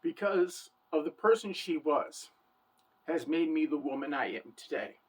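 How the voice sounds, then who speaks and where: A woman's voice: deep voice, lively intonation, a little slow, darkish tone, slightly rough. Earnest woman in her forties, storytelling. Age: 40s. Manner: earnest, heartfelt, repeats "for the record". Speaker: vlogger. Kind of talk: personal storytelling monologue.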